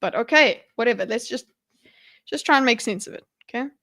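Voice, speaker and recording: A fairly high-pitched woman talks to herself as she diagrams on a live stream. Her speech is rambling and full of restarts, and she answers her viewers in a chatty way. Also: animated, bright, forceful tone. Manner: rambling, self-interrupting, chatty with viewers, quick laughs. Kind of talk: thinking aloud while mind-mapping on a live stream.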